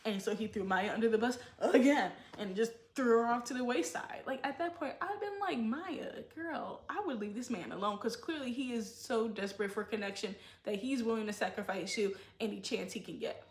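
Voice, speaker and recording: A woman giving opinionated casual commentary and acting out quotes with animated emphasis. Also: a little high, a little fast, few pauses, roomy sound. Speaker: show commentator.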